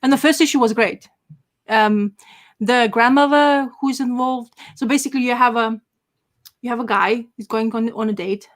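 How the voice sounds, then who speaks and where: A woman's voice: on the high side, fairly even intonation, normal speed. A woman chatting casually as a podcast co-host, rambling with enthusiasm and many fillers and restarts. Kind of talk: casual chat.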